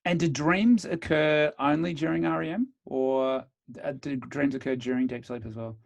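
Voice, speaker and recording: Male host, mid-pitch, chatty and informal, dry close mic. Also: steady tone, moderate pace, creaky, dry recording. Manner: conversational, chatty storytelling, frequent ums. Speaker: podcast host. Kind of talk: casual podcast interview.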